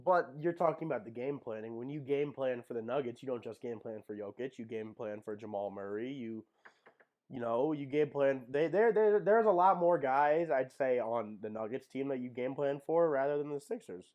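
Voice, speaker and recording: A man's voice: mid-range voice, moderate pace, dull audio. A young man co-hosting a casual podcast, talking basketball with hesitant restarts. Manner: hesitant, lots of um and uh. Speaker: podcast co-host. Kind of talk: casual sports chat.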